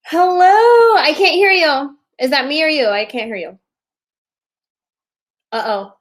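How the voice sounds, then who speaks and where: Her voice is high-pitched and animated, yet she takes her time. She's hosting a laid-back livestream chat show out of a borrowed bedroom, bantering playfully and laughing off tech glitches on a laptop microphone.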